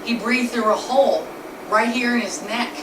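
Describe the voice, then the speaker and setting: A woman's voice: a little high, moderate pace. A woman telling her husband's illness story in an earnest, plainly spoken way, speaking from a distance in a noisy, echoey room. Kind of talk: personal storytelling presentation.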